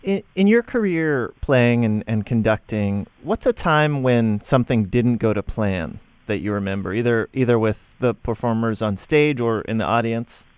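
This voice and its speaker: Smooth-voiced low-key male radio host. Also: animated, moderate pace, hardly any pauses, dry recording. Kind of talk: casual radio chat.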